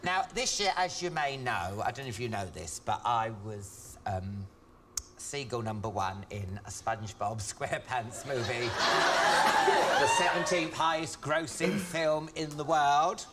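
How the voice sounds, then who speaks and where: A man's voice: medium pitch, expressive, a little slow, heavy background noise. A man hosting a chat show, cheeky and jokey, often laughing through his lines.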